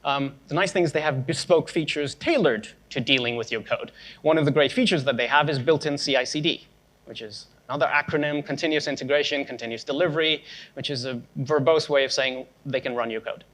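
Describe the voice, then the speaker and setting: A man's voice: medium pitch, a little fast, fairly bright tone. A young man giving a conference tech talk, casual and sarcastic with joking asides. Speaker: conference speaker.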